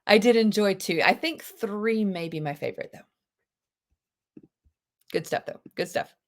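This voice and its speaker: Chatty teacher on a video call. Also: female voice, mid-range voice, measured pace. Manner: lively, chatty, gasps with delight, quotes movie lines in put-on voices. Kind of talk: live online class, casual teaching.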